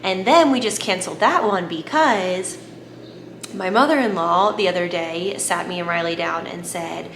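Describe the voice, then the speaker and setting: A woman, chatting to camera in a gushing vlog, repeating herself when excited. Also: fairly low pitch, moderate pace. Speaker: vlogger. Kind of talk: casual chat to camera. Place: home at night. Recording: echoey room, faint background noise.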